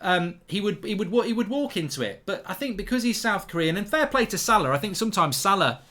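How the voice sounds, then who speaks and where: An indignant man from England rants about football as a pundit, his pitch swinging widely as he stumbles and restarts. He repeats his outrage over and over. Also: sing-song, fast, pushed and bright. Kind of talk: ranting reaction monologue.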